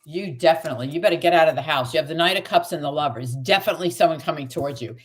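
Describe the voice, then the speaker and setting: A woman's voice: deep voice, very fast. A middle-aged woman, a tarot reader, chatting on a live stream and telling stories while she acts out the quoted lines. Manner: animated storytelling, acts out quoted dialogue. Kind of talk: live-stream chat with viewers.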